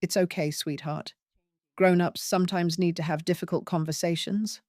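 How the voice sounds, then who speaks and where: A woman voicing a hurt but firm older widowed mother, questioning pointedly in a low voice. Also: steady tone, moderate pace, a little mellow, no echo, clean studio sound, lightly acted. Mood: tender.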